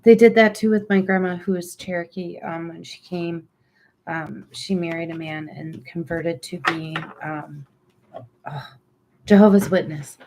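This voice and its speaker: A woman co-hosting a casual chat, telling a rambling family story with frequent pauses and ums. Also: fairly low pitch, fairly even intonation, background noise. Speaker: co-host.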